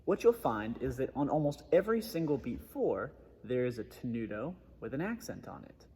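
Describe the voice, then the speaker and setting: A man's voice: mid-range voice, sing-song, normal speed, mellow, husky, in a large hall. A man giving a methodical trombone lesson, explaining articulation step by step. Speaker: trombone teacher. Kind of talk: instructional music lesson.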